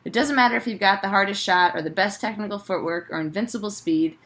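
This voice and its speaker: A young woman co-hosting a casual chat, reading sports tips and talking in quick, giggly bursts through phone headphones. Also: mid-range voice, fairly bright tone.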